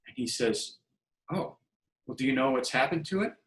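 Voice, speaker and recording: A man's voice: medium pitch, moderate pace. Storytelling man in an echoey room. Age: 50s. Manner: animated storyteller who acts out quoted dialogue. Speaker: podcast guest, filmmaker. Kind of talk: casual storytelling interview.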